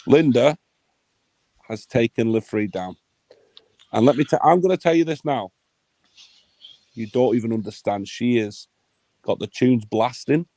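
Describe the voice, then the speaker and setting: A man's voice: mid-range voice, a little slow, pauses often, dark tone, dry recording. Sweary man ranting. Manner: heated, sweary, blunt. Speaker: livestream host. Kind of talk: ranting livestream chat.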